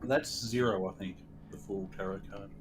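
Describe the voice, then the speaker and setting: Low-voiced male co-commentator, soft-spoken and thoughtful, noisy home recording. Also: fairly even intonation, normal speed. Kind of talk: casual game commentary.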